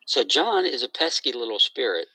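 A middle-aged man, a guest on an interview, retelling a story and quoting others in a lively conversational way. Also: medium pitch, moderate pace, slightly rough, no room sound, low-quality recording.

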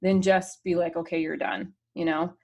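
A woman's voice: on the low side, fairly even intonation, moderate pace, creaky, a little mellow. A woman coaching a mother on a call, upbeat and practical, often laughing and acting out little quoted exchanges.

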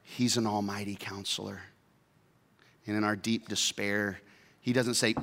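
A man preaching a sermon as a pastor, telling the story in an animated way and acting out the voices. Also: on the low side, measured pace, creaky, pauses often, long reverb tail.

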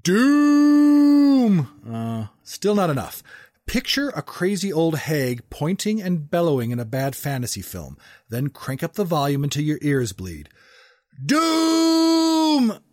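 A man's voice: fairly high pitch, lively intonation, normal speed, dry recording, clean studio sound. A man narrating a comic fantasy story aloud with wry joking asides.

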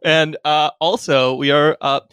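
Man, podcast host, casual chat, halting with fillers, dry close sound. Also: fairly high pitch, fairly even intonation, a bit bright, clear, resonant tone, dry recording.

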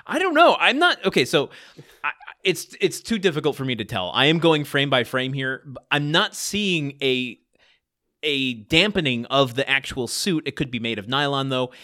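A man's voice: mid-range voice, very animated, normal speed, bright, forceful tone, dry recording, clean studio sound. A man co-hosting a podcast, recapping a sitcom episode in a loose, casual way and laughing easily. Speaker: podcast co-host.

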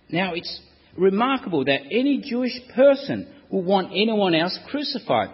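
A man preaching a sermon, telling the story dramatically and acting out the crowd's shouts. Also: sits high, sing-song, normal speed, slightly rough, long reverb tail, highs cut off.

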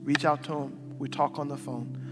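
A man, a pastor, preaching an emphatic sermon that swings between loud and quiet. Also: on the high side, flat delivery, normal speed. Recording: long hall reverb with soft background music.

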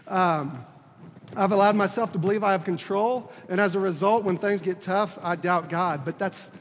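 A man in his 30s on a church leadership team gives a personal testimony sermon, earnest but halting, stumbling over and repeating words. His voice sits high and the sound is that of a big room, with faint room noise behind him.

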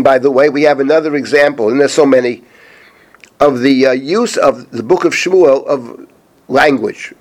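Middle-aged rabbi guy teaching scripture, voice a bit on the high side, reads hebrew lines slow then explains. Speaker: rabbi teaching a Bible chapter. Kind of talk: spoken Bible lesson.

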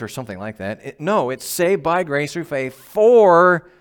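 A man's voice: fairly high pitch, big pitch swings, a little slow, clean tone. Man preaching a conversational sermon. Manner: conversational, emphatic, asks the audience questions; laughs at himself. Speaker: pastor.

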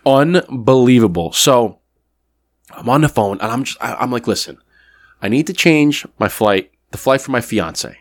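A man's voice: mid-range voice, lively intonation, moderate pace, no echo, clean studio sound. A man co-hosting a podcast, telling a story in casual chat and acting out both sides of a phone call. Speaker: podcast co-host.

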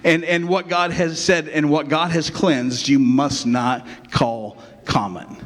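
A man's voice: on the high side, fairly even intonation, slow pace, a bit bright. Conversational man preaching in a church. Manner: conversational, constant "right?" checks with the congregation. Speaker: pastor. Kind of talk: sermon. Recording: long reverb of a church hall.

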